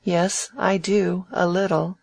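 A reader voicing a proud, sharp-witted young woman in a novel, speaking crisply and earnestly with a teasing edge. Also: mid-range voice, little pitch movement, slow pace, pitched above the performer's own voice. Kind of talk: audiobook dialogue reading.

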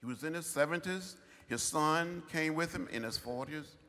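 A man in his seventies giving a commencement address in slow, emphatic, measured phrases. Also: on the high side, sharp tone. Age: 70s. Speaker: commencement speaker. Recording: long hall reverb.

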